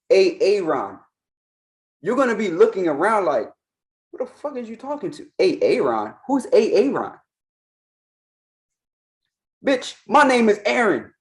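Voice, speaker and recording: A man's voice: on the high side, a little mellow. Heated, profane male reaction commentator. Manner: heated, mocking, profane rants. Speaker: host, Orisha priest.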